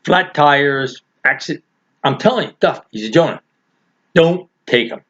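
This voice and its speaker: A man's voice: fairly high pitch, animated, a little slow, fairly bright tone. An older man mimicking his insistent young male buddies, pleading and emphatic in a raised voice. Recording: dull lo-fi recording.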